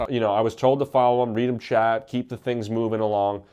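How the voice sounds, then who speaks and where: A man casually telling a comedic story about himself, wry and halting, with plenty of fillers. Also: medium pitch, steady tone, darkish tone, clear, resonant tone.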